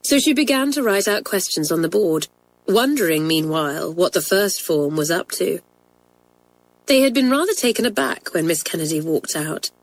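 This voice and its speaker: A woman narrating a children's story in a clear, measured way. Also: mid-range voice, low-quality recording. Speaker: audiobook narrator. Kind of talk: storybook reading.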